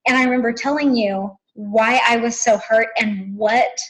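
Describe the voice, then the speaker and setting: A woman's voice: a little high, steady tone, moderate pace, fairly bright tone, low-quality recording. A woman in her thirties talking earnestly and emotionally with a close friend, often searching for words. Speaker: guest, best friend. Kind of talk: emotional conversation.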